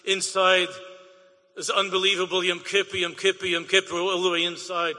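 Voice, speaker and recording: Bright, high-voiced male storyteller. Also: normal speed. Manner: animated, repetitive, sing-song emphasis. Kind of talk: inspirational storytelling. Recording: long hall reverb.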